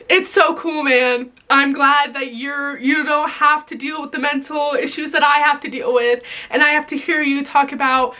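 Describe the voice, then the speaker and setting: Young woman, high voice, sharp tone, sarcastic, swearing, emotional vlog rant. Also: fairly even intonation, moderate pace, few pauses. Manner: bitterly sarcastic, swearing, voice breaking. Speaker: vlogger. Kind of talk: emotional direct-to-camera rant.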